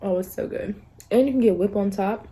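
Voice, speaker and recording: A young woman vlogging casually to her phone camera, rambling through stories in a chatty, animated way. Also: medium pitch, a little fast, slightly rough. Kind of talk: casual vlog chat.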